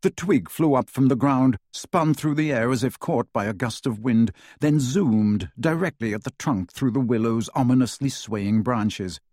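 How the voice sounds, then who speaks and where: Expressive male audiobook narrator, husky voice, dry close recording; lively storytelling delivery. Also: mid-range voice, moderate pace, hardly any pauses, no room sound. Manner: dramatic, varied pacing.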